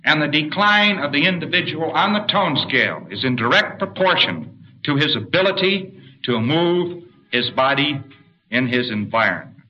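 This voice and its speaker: A man's voice: on the high side, sing-song, normal speed, dull audio. A man giving an explanatory spoken lecture and pointing to a diagram. He now and then acts out short spoken commands.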